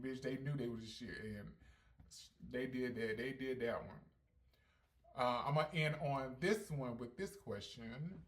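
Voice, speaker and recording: A ballroom performer hosting a casual Q&A vlog, brash and sassy with heavy slang, swinging between loud hyped bursts and calm reflection. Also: mid-range voice. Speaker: ballroom performer and channel host.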